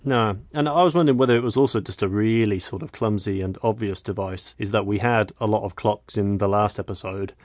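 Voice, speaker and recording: A man's voice: on the low side, a little fast, hardly any pauses, a little mellow, no echo. A man with a half-British accent co-hosting a podcast, joking in a dry, wry way. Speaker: podcast co-host reviewing a TV series. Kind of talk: casual chat.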